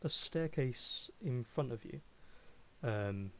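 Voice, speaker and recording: A man running a tabletop game as game master, narrating a scene in a halting way with many fillers. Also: medium pitch, animated.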